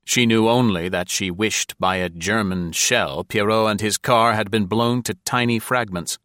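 A man narrating an audiobook in a measured, formal storytelling manner. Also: fairly low pitch, a bit bright, no room sound, studio quality.

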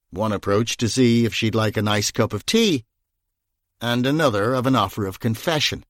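Male narrator for a crime audiobook: middle voice, steady pacing, dry close mic. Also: mid-range voice, dry recording. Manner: even, measured storytelling. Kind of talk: scripted narration.

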